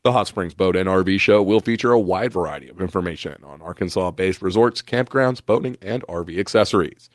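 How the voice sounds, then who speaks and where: A man reads the local news in a steady, scripted manner, his low voice sitting close and dry with no room around it. Each item comes out even and measured. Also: dry recording. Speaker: radio news reporter. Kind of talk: read news report. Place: radio studio.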